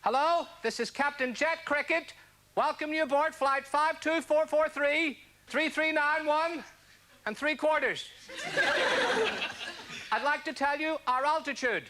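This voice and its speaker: A comedian doing a bumbling airline captain. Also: male voice, very high voice, steady tone, bright, forceful tone, full character voice. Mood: pompous announcing. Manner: slow, deliberate tannoy-style announcing. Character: bumbling male airline captain making announcements.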